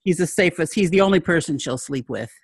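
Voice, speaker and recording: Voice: mid-range voice, fairly quick, slight background noise. A co-host in a casual commentary chat, who mostly answers with short agreeing replies and sometimes adds a longer point. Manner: brief agreeing replies, relaxed.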